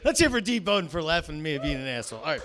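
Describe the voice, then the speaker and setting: Emcee, man, high voice, loud teasing hype patter on a comedy stage. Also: big pitch swings, racing, a little hiss or hum. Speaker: comedy show host. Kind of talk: stand-up show hosting.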